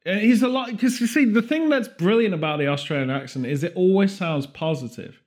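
Rambling man riffing deadpan. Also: high voice. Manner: rambling deadpan absurd riffs, quick bursts of put-on voices. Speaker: podcast co-host. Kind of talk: comedic podcast banter.

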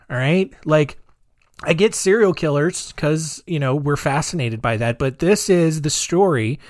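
Male host in his thirties, chatty and sardonic, very expressive pitch, dry booth sound. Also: no echo. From United States. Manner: rambling, chatty, dark sarcastic humor. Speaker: podcast host. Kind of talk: casual podcast monologue.

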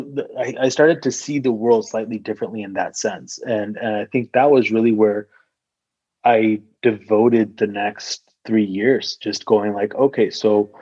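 A man's voice: lowish voice, a little mellow, slightly rough, no echo, muffled recording. A man in casual podcast talk, telling a personal story in a rambling way, full of "like" and freely swearing.

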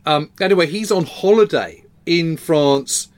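A man's voice: on the high side, a little slow. A man co-hosting a casual history podcast, telling stories with enthusiasm. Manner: enthusiastic, conversational storytelling. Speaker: podcast co-host.

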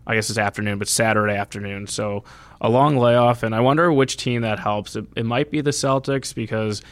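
Man, co-host, low voice, flat delivery, measured and slightly hesitant, casual betting talk. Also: dry recording. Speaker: podcast co-host. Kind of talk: casual sports betting chat.

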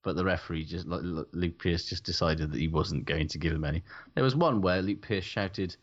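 Casting note: very low male voice, loose and profane banter, dull lo-fi recording. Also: a little fast, few pauses. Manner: laughs often, swears freely. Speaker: podcast co-host. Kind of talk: casual sports chat. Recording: dull lo-fi sound.

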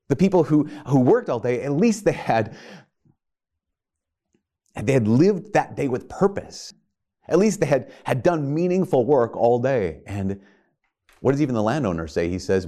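A man's voice: mid-range voice, animated, moderate pace, warm tone. Guy preaching a homily, earnest, lots of rhetorical questions, restarts his sentences a bunch. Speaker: priest. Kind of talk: sermon.

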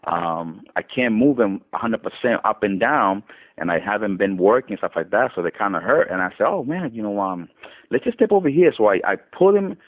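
Male testimony speaker, low-ish voice, tinny phone line, animated retelling. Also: brisk. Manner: animated retelling with many restarts, voice rising when quoting others. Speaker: guest telling testimony. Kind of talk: casual testimony storytelling.

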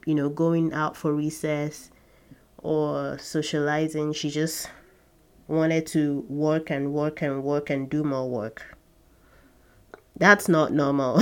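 A woman's voice: lowish voice, a little mellow. A woman hosting a podcast, telling a personal story to her listeners in an earnest, reflective way with short laughs. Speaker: podcast host.

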